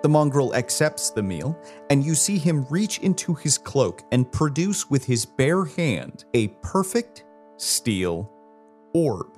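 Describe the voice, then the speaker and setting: Man narrating a tabletop game with a lively voice. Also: medium pitch, slow pace, faint music behind. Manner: casual, descriptive narration with fillers. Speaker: game master.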